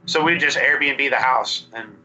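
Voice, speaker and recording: A man, a band singer guest, talking over a video call in a relaxed, rambling way with fillers. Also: mid-range voice, measured pace, lo-fi sound. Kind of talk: remote podcast interview.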